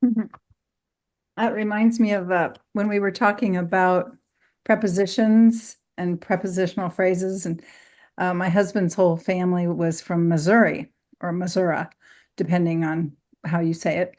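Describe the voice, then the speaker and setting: A woman's voice: lowish voice, fairly even intonation, normal speed, darkish tone. A married woman sharing an amused anecdote in a video-call training discussion. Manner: storytelling, amused. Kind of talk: casual group discussion.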